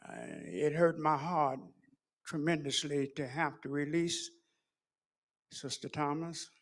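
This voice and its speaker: A middle-aged man giving a sermon in a preaching cadence, moving from hushed storytelling to shouted peaks. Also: a little high, steady tone, slow pace. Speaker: pastor.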